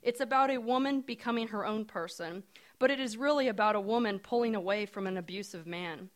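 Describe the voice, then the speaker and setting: A woman's voice: mid-range voice, fairly quick. An American woman narrating a personal story in a wry, reflective way. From United States.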